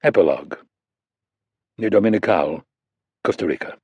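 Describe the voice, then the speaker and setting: A man reading a thriller audiobook aloud in a measured, steady narration. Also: fairly low pitch, slightly rough, no room sound. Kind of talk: scripted narration.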